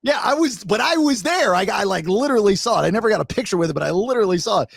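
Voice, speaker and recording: A middle-aged man hosting a podcast, telling a fishing story in a casual, animated way with many restarts. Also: sits high, very fast, gravelly, slightly rough, dry recording. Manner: animated, restarts a lot, acts out shark growls. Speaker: podcast host.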